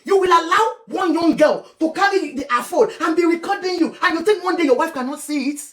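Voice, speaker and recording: A Nigerian woman giving animated, scolding commentary on celebrity gossip, slipping between English, Yoruba and Pidgin. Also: very high-pitched, fairly quick, reverberant. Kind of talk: casual commentary vlog.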